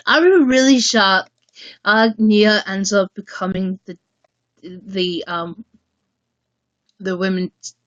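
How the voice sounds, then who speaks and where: A woman chats on her livestream at an unhurried, drawn-out pace, wandering off mid-thought and starting sentences over. The sound is close and dry with no room around it, and a little dull and lo-fi. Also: medium pitch, a bit bright, dry recording. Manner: rambling, halting, restarts sentences often. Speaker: livestream host. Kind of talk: casual livestream chat.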